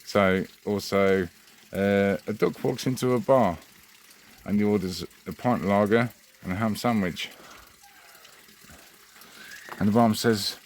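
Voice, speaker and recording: A man's voice: on the low side, unhurried, long pauses. A man hosting his own channel, chatting in a rambling, friendly way. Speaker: channel host. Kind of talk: casual vlog address.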